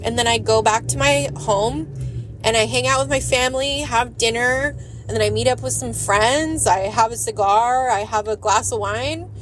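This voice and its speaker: A woman's voice: fairly high pitch, moderate pace, slight background noise, natural voice, poor audio. A woman voicing a laid-back male fisherman as she retells a story on her podcast, talking plainly and easily. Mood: content.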